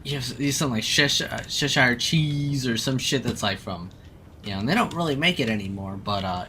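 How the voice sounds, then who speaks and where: A man in casual chat, animated and profane, acting out people as he tells stories. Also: mid-range voice, a little fast, a little hiss or hum. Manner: animated, profane, acts out people mid-story.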